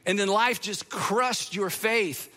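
A man preaching a sermon as pastor, earnest and emphatic, with dramatic pauses and sudden drops to a hush. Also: high voice.

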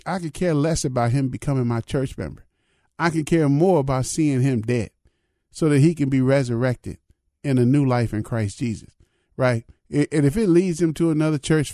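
A man's voice: medium pitch, a little mellow, no echo, clean studio sound. An older man, a pastor, giving an informal spiritual reflection in a conversational way, often asking "you know what I mean".

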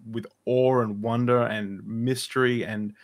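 A man's voice: medium pitch, steady tone, a little slow. A man telling a personal story in casual conversation, rambling and restarting his sentences, with self-deprecating asides. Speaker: podcast co-host.

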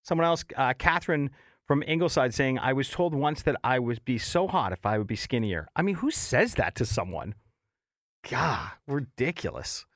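A man's voice: mid-range voice, big pitch swings, moderate pace, dry recording. A man hosting a radio morning show from a studio microphone, chatty and reacting with mock outrage as he reads texts and runs a quiz. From Canada. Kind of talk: casual radio chat.

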